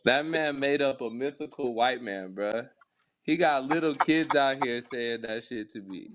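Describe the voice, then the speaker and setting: Guy cracking blunt mocking jokes, regular pitch. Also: a little slow, crowd noise. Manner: blunt, mocking, jumps into high put-on voices. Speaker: co-host. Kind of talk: casual chat.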